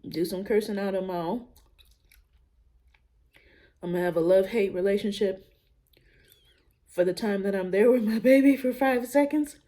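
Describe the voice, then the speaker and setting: A young adult woman talking candidly in a casual personal vlog, musing out loud with relaxed everyday slang. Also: mid-range voice, normal speed, pauses often. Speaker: vlogger.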